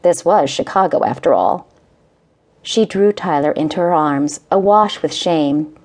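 A woman narrating a romance audiobook in a gentle, measured storytelling manner. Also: deep voice, expressive. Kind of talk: scripted narration.

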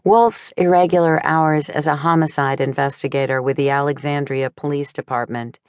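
Mujer narradora de voz grave. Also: female voice, deep voice, fairly even intonation, normal speed, clean tone, no echo, clean studio sound. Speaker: audiobook narrator. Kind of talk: first-person audiobook narration.

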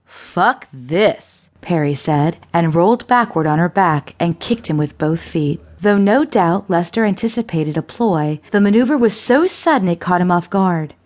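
A woman narrating a suspense thriller audiobook in a measured, unhurried reading. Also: fairly low pitch, expressive, a little mellow.

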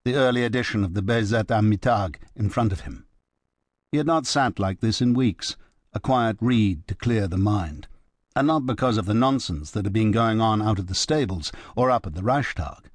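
A man narrating an audiobook in a measured, even manner. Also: on the low side, no echo, studio quality. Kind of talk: scripted narration.

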